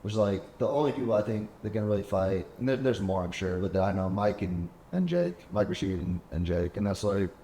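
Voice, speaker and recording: This man has a deep, dark voice that stays steady, moving fairly quickly with hardly any pauses. He's a podcast host chatting casually in a penthouse apartment, spinning rambling stories and performing other people's lines. The recording carries room echo and a faint hum.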